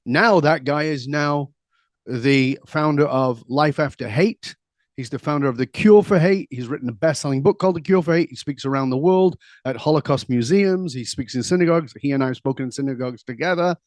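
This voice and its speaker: A middle-aged man, a guest on an interview show, telling stories in an animated, conversational way, laughing easily and throwing in quick asides. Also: on the high side, no room sound, clean studio sound. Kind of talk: conversational storytelling.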